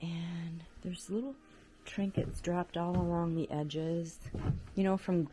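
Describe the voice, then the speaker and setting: A woman vlogger narrating as she explores an abandoned farmhouse attic, chatty and exclaiming at creaking floors, recorded on a handheld camera. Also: on the low side, fairly even intonation, slow pace, warm tone.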